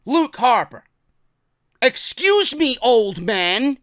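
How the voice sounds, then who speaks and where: A man hosting a wrestling commentary show, ranting angrily and profanely and often shouting. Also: extremely high pitch, lively intonation, normal speed, no room sound, clean studio sound.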